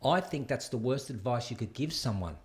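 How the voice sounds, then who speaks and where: A man with a mid-range voice speaks as a guest in a relaxed conversation. He tells stories to make his point and follows them with probing questions. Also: medium pitch, a little fast. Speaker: de-escalation coach, guest. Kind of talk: casual discussion.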